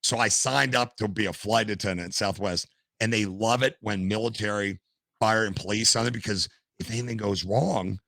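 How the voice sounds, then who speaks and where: An older man, a podcast guest, telling stories in a casual, animated way and acting out what others said. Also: fairly low pitch, normal speed, vocal fry, dry recording. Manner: animated storyteller, acts out quotes. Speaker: podcast guest, gamer and streamer. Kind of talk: casual storytelling interview.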